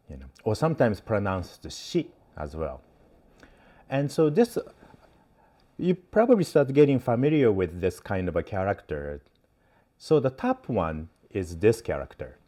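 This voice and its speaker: Male host, low mellow voice, lively pitch, unhurried teaching talk. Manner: gentle and hesitant, many fillers, light laughs. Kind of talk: casual spoken teaching talk.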